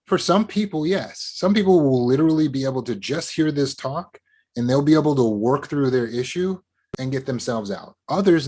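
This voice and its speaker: Male teacher type, earnest and explanatory, mid-range pitch, calm lecture on recovery. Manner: earnest, explanatory, with acted-out quotes. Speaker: trauma recovery educator. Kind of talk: educational talk to camera.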